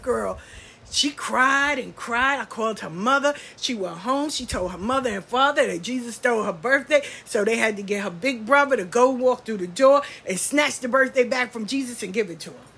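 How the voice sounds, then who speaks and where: A woman's voice: on the high side, animated, moderate pace, a bit bright, husky. An older woman, a grandmother, telling stories about her grandchildren in a blunt, profane, casual way and laughing often. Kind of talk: casual storytelling.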